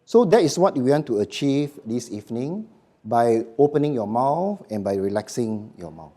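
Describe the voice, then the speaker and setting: A man's voice: medium pitch, very animated, normal speed, mellow. A middle-aged man giving a live voice workshop in short, emphatic phrases, often checking in with the audience. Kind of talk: live seminar lecture.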